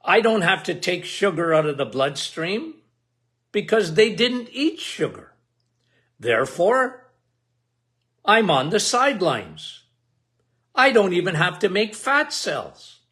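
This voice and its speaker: A man's voice: high voice, big pitch swings, takes it slowly, long pauses, pushed and bright, exaggerated voice. A man voicing insulin as a chatty, matter-of-fact male parking attendant. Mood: bossy, chatty.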